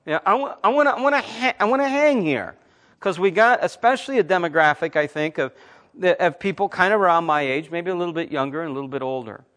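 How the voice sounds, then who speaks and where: A man in his fifties, a Christian talk host, telling stories and preaching in a blunt, emphatic, animated way. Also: very high voice. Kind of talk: conversational preaching with storytelling.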